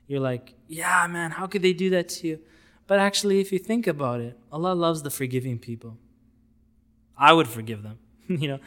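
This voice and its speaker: A man giving an informal lecture on outreach techniques, animated and conversational, often acting out little dialogues. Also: a little high, smooth. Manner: conversational with fillers and asides.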